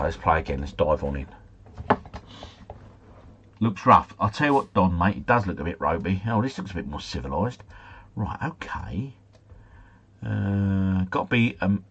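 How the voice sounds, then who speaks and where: A man streams live while playing a geography guessing game, chatting casually and muttering asides. He's easily flustered and swears mildly. His voice sits low and is slightly rough, and the sound is lo-fi.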